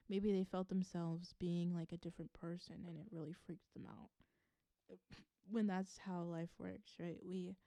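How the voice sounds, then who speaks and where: Woman reading tarot cards, chatty and musing, mellow low-key voice, dry close sound. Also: no room sound. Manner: musing, chatty, laughs often. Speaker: tarot reader.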